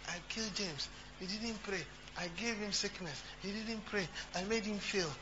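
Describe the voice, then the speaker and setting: Boastful devil taunt, male, put on by a preacher; raised pitch, muffled sound with a steady hum. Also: moderate pace, close to an everyday voice. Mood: gloating. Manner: mocking, repeating a taunt. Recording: dull recording with humming noise.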